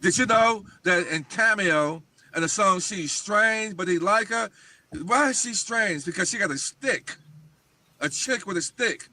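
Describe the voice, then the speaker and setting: Bright, emphatic man ranting. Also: sits high, lively intonation, unhurried. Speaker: guest. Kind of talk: livestream talk show chat.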